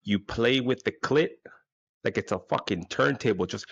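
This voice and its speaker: A man's voice: mid-range voice, normal speed, gravelly, no echo, lo-fi sound. A man in his forties, hosting with a crude, rambling, self-mocking comedic monologue. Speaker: podcast host.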